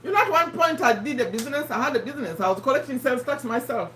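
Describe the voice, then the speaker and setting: Her voice is high, fairly bright, and racing with lively intonation, yet strained and failing, as this Ugandan woman hosts a casual live stream. She chats away, addresses viewers by name, and repeats herself, recorded from a distance in a roomy space with slight background noise.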